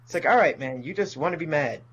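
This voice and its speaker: A man's voice: fairly high pitch, lively intonation, quick pace, a bit bright, husky, highs cut off. A man, a comedian, ranting profanely in casual podcast talk and mocking people in put-on voices. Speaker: comedian guest.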